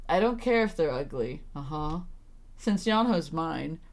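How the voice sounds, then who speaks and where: A woman's voice: deep voice, expressive, slow pace. A young woman streaming a story game, reading lines aloud and reacting with flustered, laughing commentary.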